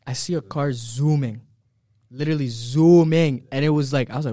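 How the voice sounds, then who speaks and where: Young man, animated, profane, casual chat, dry close mic. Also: a little high, moderate pace, no room sound. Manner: animated storytelling, slangy and profane.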